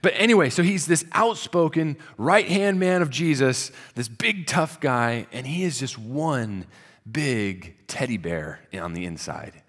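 A male pastor delivers a sermon in a relaxed, storytelling way, sinking to a soft, low voice at solemn points. His voice sits at a middle pitch. It carries a long reverb, as if filling a large sanctuary. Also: unhurried.

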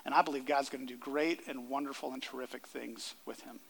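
A man's voice: mid-range voice, steady tone, fairly quick, gravelly, husky. A man preaching a sermon as pastor to a congregation in a church, earnest and repeating phrases for emphasis. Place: church sanctuary before a congregation. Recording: reverberant hall sound.

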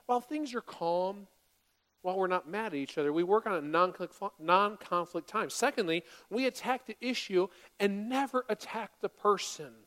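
A woman in her forties, a pastor preaching a sermon to a congregation in a church, animated and dramatic, dropping to quiet asides and rising to loud bursts. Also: medium pitch, moderate pace. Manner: animated, acts out quoted voices, swings from quiet to loud.

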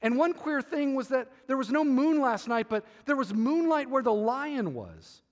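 Man voicing a troubled boy, high voice, soft confiding tone, long hall reverb. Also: sing-song, moderate pace. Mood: earnest. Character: troubled boy turned back from a dragon.

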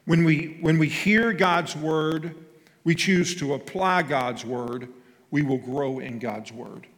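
A pastor delivers an emphatic sermon with a fairly high-pitched male voice. He swings between near-shouting and quiet, hushed lines and draws the congregation in with questions. A long reverb from the sanctuary trails behind him. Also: takes it slowly. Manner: asks the congregation questions and has them repeat phrases. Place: church sanctuary.

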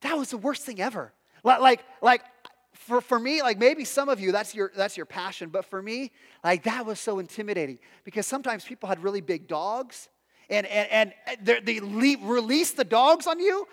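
A man with a high voice preaches a sermon as a pastor, easygoing and chatty, stumbling and restarting as he tells stories at his own expense. His voice rings out in a church sanctuary with a long, trailing reverb. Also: expressive, normal speed, fairly bright tone. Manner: conversational, self-deprecating storytelling with many restarts.

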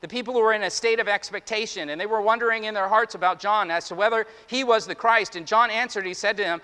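Male pastor, bright and high, lively sermon delivery, big reverberant hall. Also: fast talker, few pauses, clean tone. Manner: animated, acts out voices of listeners and John.

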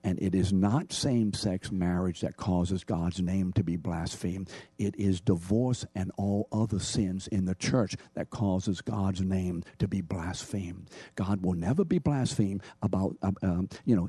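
A man preaching a sermon with forceful emphasis, his voice low and warm. He swings between rising, stressed phrases and quieter drops. The sound is close and dry. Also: measured pace, husky, dry recording. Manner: emphatic preaching, rising and falling in pitch and loudness. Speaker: pastor.

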